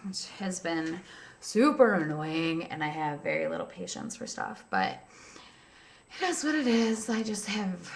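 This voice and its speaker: A woman's voice: lowish voice, creaky, sharp tone, roomy sound. A young woman venting in a casual vlog, chatty and cranky, filling her talk with "like". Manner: chatty, frequent "like" fillers, frustrated and cranky. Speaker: vlogger. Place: at home, seated with a cat on her lap.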